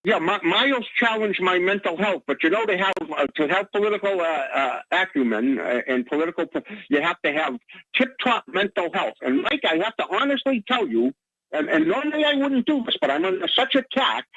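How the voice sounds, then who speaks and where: A male caller rambles through a radio call-in, stumbling over words and restarting sentences again and again. His voice sits high and swings widely in pitch. The line is dry and muffled, like a lo-fi phone. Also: sing-song, fairly quick, gravelly, pushed and bright, no room sound. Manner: rambling, stammering, many restarts. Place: Boston area.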